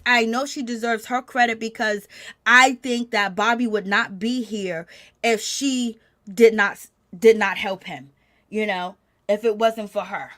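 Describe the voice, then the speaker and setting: A woman giving animated gossip commentary, reacting with exclamations as she recaps a show. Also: mid-range voice. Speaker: commentary channel host.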